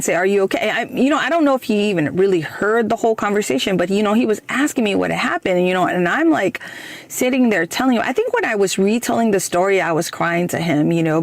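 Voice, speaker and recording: A woman's voice: mid-range voice, dry recording. A woman in her thirties telling a personal story in a casual, hesitant way, with many fillers, and she acts out the quoted lines. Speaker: guest storyteller.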